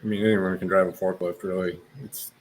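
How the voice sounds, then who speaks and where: Low-voiced guy just chatting outside, laid back, explaining stuff. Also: flat delivery, fairly quick, a little hiss or hum, poor audio. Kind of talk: casual chat.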